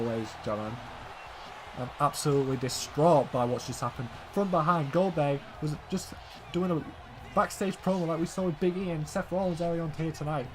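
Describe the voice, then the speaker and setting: A young man doing play-by-play wrestling commentary, excitable and shouting at big moments, often calling out "ladies and gentlemen". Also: a little high, a little hiss or hum. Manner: excitable, shouting when the action peaks, then calmer recap.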